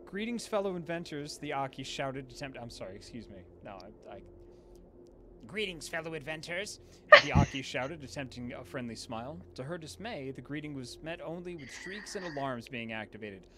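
A man's voice: mid-range voice, brisk, hardly any pauses, background noise. A man hosting a casual card game stream, gushing over the card art and swearing freely. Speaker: streamer host.

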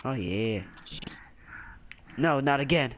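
A young man in playful gaming chat, goofy and teasing, often shouting and laughing. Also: medium pitch, expressive, slow, a little hiss or hum. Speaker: gamer.

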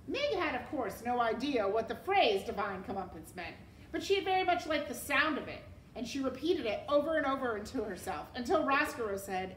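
A woman teacher reads a chapter aloud with lively expression, stopping to quiz her class. Her fairly high voice comes from across an echoey room. A faint hiss sits underneath. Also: normal speed, far from the mic. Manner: expressive, asks the class questions. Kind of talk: reading a novel aloud to a class.

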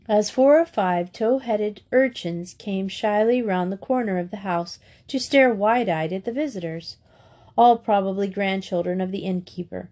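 Casting: woman, warm mellow storybook reader, steady pace. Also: medium pitch, moderate pace. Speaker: audiobook reader. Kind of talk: storybook narration.

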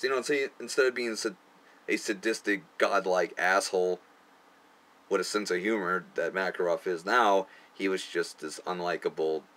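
Revisiting his amateur film in casual commentary, a young man swears freely, gets crude, and keeps laughing at his own expense. His voice is deep and a bit bright.

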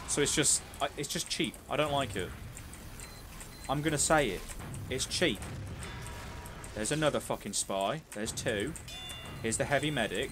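A young man giving casual, sweary, joking commentary while streaming a game. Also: medium pitch.

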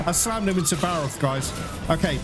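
A young man talks through his gameplay in an excitable rush, swearing and groaning as things go wrong. His voice sits a little high for a man. Game music plays clearly behind him. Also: moderate pace. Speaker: gaming channel host. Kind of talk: live gameplay commentary.

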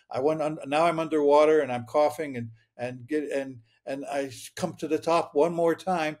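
An older man in his eighties, a guest speaking with a somewhat high-pitched voice. He tells his story in an earnest, plain way and often stumbles over repeated words. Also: a little mellow. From Michigan, United States. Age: 80s. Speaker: interview guest. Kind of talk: storytelling interview.

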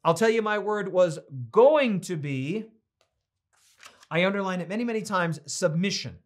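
A man's voice: sits high, animated, normal speed. A middle-aged man teaching a Bible study, preaching with emphasis and then chatting playfully as he reads out viewers' comments.

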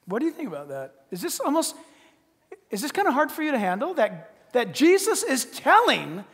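A male pastor preaching a sermon, animated, swinging between loud exclamations and hushed asides. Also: very high-pitched, moderate pace, slightly rough, long reverb tail.

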